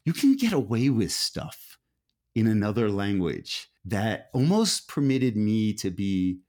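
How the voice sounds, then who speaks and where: A man's voice: fairly low pitch, big pitch swings, unhurried, darkish tone. An American man speaking as an author guest in a conversational interview, thoughtful and often restarting his sentences. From United States. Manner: thoughtful, many restarts and self-corrections.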